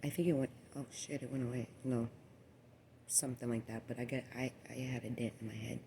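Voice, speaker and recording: A woman in her late twenties telling a rambling personal story to the camera, cursing often and swinging between a low murmur and loud exclamations. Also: fairly even intonation, a little fast, gravelly, noisy background. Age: 20s. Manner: profane, repetitive, meandering storytelling. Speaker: vlogger.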